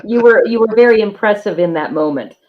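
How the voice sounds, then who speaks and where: A woman's voice: medium pitch, lively intonation, brisk, lo-fi sound. A woman hosting an interview, laughing often and giving short, encouraging replies in casual chat. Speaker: interview host.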